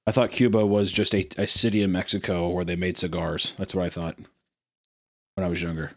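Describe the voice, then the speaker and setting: A man's voice: sits low, little pitch movement, a little fast, a bit bright. A young man co-hosting a podcast, swearing a lot and joking loosely in casual banter. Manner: profane, jokey, does silly voices. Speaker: podcast co-host.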